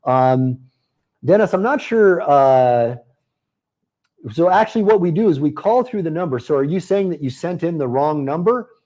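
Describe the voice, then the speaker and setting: A man hosting a live webinar, pitching a marketing program in a chatty, upbeat way and answering viewers by name. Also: expressive, moderate pace, dark tone.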